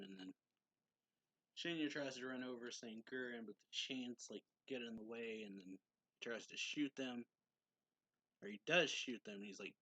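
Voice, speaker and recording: A man's voice: mid-range voice, measured pace, a bit bright, no room sound, poor audio. A man retelling a manga chapter in a loose, casual way, with lots of fillers, and reading out characters' lines as he goes. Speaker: manga reviewer.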